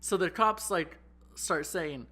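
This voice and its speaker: Young male podcast host, brightish higher voice, animated swearing storyteller. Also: slow. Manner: animated, profane, exaggerating storyteller. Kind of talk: casual storytelling chat.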